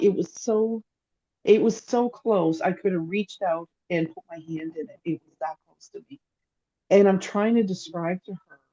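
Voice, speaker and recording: A woman's voice: medium pitch, warm tone, muffled recording. A woman co-hosting a casual chat over a remote call, telling an emotional story in a rambling way with many restarts. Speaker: psychic, podcast co-host. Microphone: remote call microphone.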